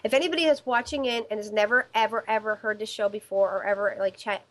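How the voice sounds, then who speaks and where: A woman's voice: mid-range voice, steady tone, fast talker. A woman hosting a live call-in psychic show, talking in a rambling way with many fillers and restarts. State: stiff neck. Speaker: psychic medium show host.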